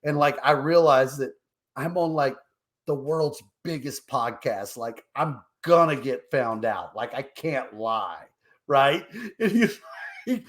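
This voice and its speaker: A tipsy man co-hosting a podcast, telling stories in casual chat and laughing often. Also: medium pitch. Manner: laughs often, chatty storytelling. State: tipsy from drinking. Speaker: podcast co-host.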